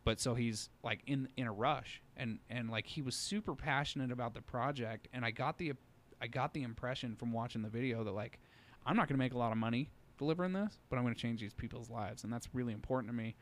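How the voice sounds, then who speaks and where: A man co-hosting a podcast in a studio tells a long, rambling story in casual chat, packed with fillers. His voice is mid-range and quick.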